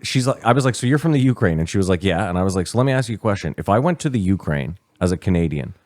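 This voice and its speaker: Brief: low, quick male podcast co-host, animated storyteller, dry mic. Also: no echo. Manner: swearing, animated retelling with quoted dialogue. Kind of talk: casual chat, storytelling.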